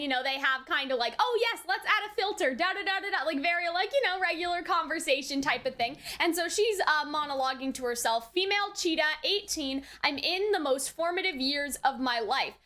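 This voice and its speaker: A woman's voice: very high-pitched, sharp tone. A woman reacting aloud to an episode with gasps and swearing, then chatting through a casual review full of fillers. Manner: exclamatory, frequent gasps and swearing while watching; chatty, filler-heavy with many "like" and "right". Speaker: anime reaction and review YouTuber.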